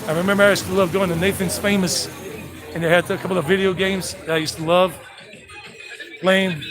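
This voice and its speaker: A man's voice: sits high, flat delivery, a little fast, pauses often, over music. A man giving a casual walking tour on a live stream, chatty and full of joking asides, outdoors in town streets. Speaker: travel vlogger. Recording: noisy street with traffic. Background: street noise and vehicles.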